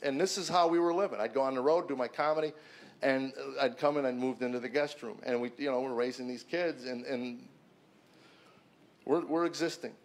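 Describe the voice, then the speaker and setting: A man's voice: medium pitch, brisk. A middle-aged man, a comedian, earnestly telling a personal story to an audience in a conversational way, often restarting and repeating words. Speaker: comedian giving a personal testimony.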